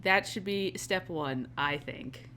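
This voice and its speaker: A woman's voice: fairly low pitch, takes it slowly, bright, forceful tone. A woman narrating as game master of a tabletop game, laughing often as she talks.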